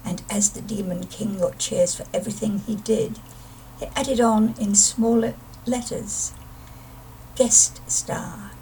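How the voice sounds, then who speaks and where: Slow-reading woman telling a rhyming story. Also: medium pitch, steady tone, warm tone, far from the mic, slight background noise, low-quality recording.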